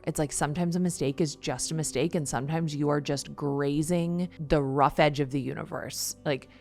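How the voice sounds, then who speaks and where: Middle-aged female host with a deep voice; candid, heartfelt monologue that trips over itself. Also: darkish tone. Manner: earnest and confessional, with rushed restarts. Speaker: podcast host. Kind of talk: personal storytelling monologue.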